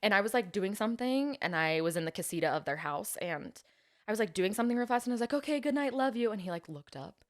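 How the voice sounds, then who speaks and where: A woman's voice: mid-range voice, animated, fast. A young woman telling stories about her life in casual chat, acting out quotes and often laughing. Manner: chatty storytelling, acts out quotes, laughs often. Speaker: podcast guest.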